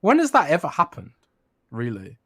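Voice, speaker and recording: A man co-hosting a casual gaming podcast, protesting and joking with animated exasperation. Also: a little high, normal speed, breathy edge, no echo, clean studio sound. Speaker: podcast co-host.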